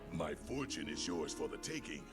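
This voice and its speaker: An actor playing a defiant pirate king speaking his last words in a cartoon rap intro, over loud music. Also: extremely low pitch, sing-song, normal speed. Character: doomed pirate king, grown man, defiant. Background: loud music track.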